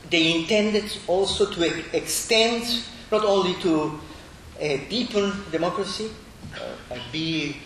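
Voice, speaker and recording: Halting man lecturing in an echoey room. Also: a bit bright. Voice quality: halting, many fillers and tag "no?". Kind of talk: academic lecture. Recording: echoey room with faint rumble.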